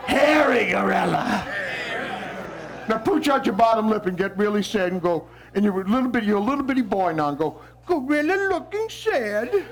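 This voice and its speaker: Speaking fast with hardly a pause, the man's high voice carries lively intonation as he performs his poems theatrically for a school hall of children and adults. A visitor from New Orleans, United States, he cues the audience to repeat lines, and a faint crowd echoes them.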